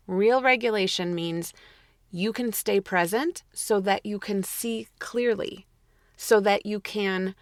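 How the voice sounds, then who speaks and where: A woman's voice: mid-range voice, no echo, studio quality. A woman podcast host commenting in a casual, emphatic way, blunt and swearing at times.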